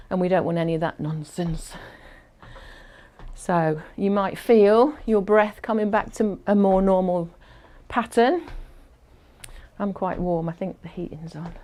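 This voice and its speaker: A woman's voice: medium pitch, darkish tone. A woman instructing a fitness class, chatty and encouraging, counting down aloud and a little out of breath as she exercises along.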